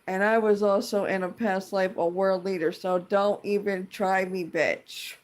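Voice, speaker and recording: A woman's voice: mid-range voice, fairly even intonation, a little slow. A woman ranting in a casual vlog, profane, rambling and indignant as she vents like a fed-up tenant. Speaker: tenant venting about a dispute.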